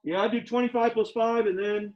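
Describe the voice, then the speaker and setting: High-voiced man teaching math in class. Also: fairly even intonation, a little fast, soft background music. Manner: emphatic, repeats questions to the class. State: out of breath behind a face mask. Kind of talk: classroom lecture. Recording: dull lo-fi classroom audio.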